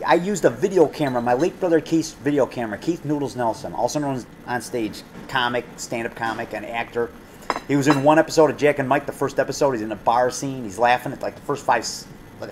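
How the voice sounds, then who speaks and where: Rambling excitable man in a diner. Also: medium pitch, quick pace, slight background noise. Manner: excitable, rambling, repeats himself, jumps between topics. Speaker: low-budget horror filmmaker. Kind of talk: rambling casual chat. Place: restaurant.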